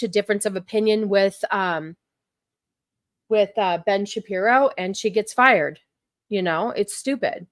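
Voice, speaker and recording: With a mid-range, fairly bright voice, a livestream host chats casually with her viewers over a dry, studio-quality recording. Her speech is loaded with fillers and repetition as she responds to the chat.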